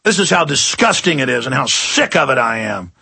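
A talk-radio man in full rant, his voice forceful and gravelly and sitting a little high. He swings between heated warnings and sarcastic mockery, stretching out his "oh"s. The studio sound is close and dry. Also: sing-song, dry recording. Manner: heated, sarcastic, mocking with drawn-out "oh"s. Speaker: radio talk show host. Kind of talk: ranting political commentary.

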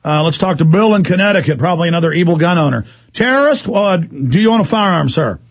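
A man hosting a call-in radio show, ranting fast and indignantly and mocking officials in put-on voices. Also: fairly high pitch, no room sound. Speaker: radio talk show host.

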